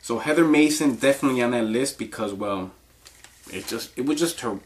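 A man's voice: mid-range voice, brisk, a little hiss or hum. A man giving casual countdown commentary in a crude, rambling, profanity-heavy way, often laughing.

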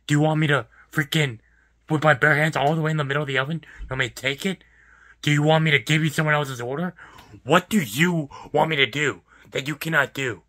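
Young guy, fed-up ranting vlogger; husky, higher-pitched voice, lots of swearing and repeated questions. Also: a little fast, pushed and bright. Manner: exasperated, profane, repetitive ranting. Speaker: fast food worker ranting. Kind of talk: vlog rant.

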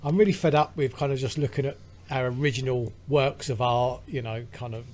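A man's voice: medium pitch, steady tone, a little fast, darkish tone. A British man, a podcast co-host, telling a long rambling story in casual chat with lots of fillers. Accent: British English.

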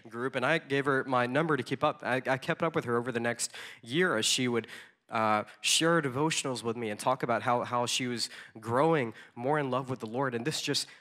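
A man's voice: mid-range voice, brisk, bright, forceful tone. A man preaching in a storytelling way, conversational, with frequent ums and repeated words. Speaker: conference speaker. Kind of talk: storytelling sermon.

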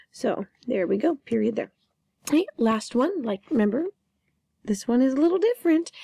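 A young woman teaching grammar in a lively, joking way, stuttering over and repeating her words as she walks through examples. Her voice sits a little high but sounds mellow, with a gravelly edge. The recording is close and dry. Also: no room sound. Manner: chatty, playful, repeats words. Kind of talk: online grammar lesson.

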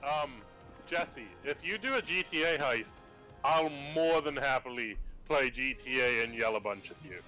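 A man's voice: mid-range voice, moderate pace, bright, forceful tone, soft background music, poor audio. A man from Canada chatting and commentating on a gaming stream, joking and rambling. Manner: joking, rambling, British slang. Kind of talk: casual gaming stream chat.

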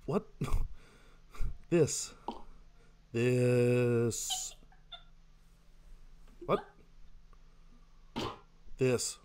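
A man's voice: medium pitch, lively intonation, drawn-out words, pauses often, dark tone, slight background noise. A man doing let's play commentary, reading in-game texts aloud and answering them with jokes. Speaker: gamer.

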